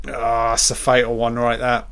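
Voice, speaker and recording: A man doing a live film reaction commentary, excitable and swearing constantly as he blurts out reactions. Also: medium pitch, normal speed, smooth.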